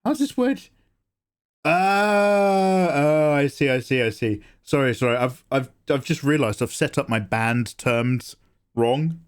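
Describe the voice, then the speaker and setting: This is a young man chatting on his live art stream. He jokes and swears freely as he reads and answers chat. His voice sits at a middle pitch but swings up and down a lot. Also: lively intonation, slow pace, clear, resonant tone. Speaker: livestream host, artist. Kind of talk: casual chat while drawing live.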